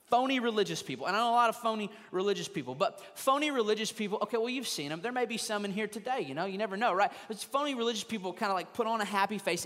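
A man's voice: sits high, fairly bright tone, big-room sound. A man preaching a conversational sermon from a church stage, slipping into quoted voices of churchgoers. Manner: conversational, mimics people in quoted asides. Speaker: pastor. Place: church sanctuary, also streamed online.

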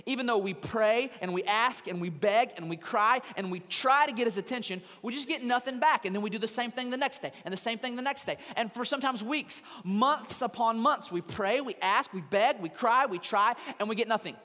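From a church stage, a pastor delivers a conversational sermon in a sanctuary that is also streamed online, slipping into the quoted voices of churchgoers. His voice is extremely high, a little fast, bright and forceful, with few pauses. The sound is that of a large hall.

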